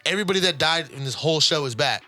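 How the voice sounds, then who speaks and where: A man co-hosting a podcast, retelling anime episodes in animated, casual chat with plenty of swearing. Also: a little high, racing, soft background music. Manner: animated storytelling, heavy swearing. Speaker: podcast co-host.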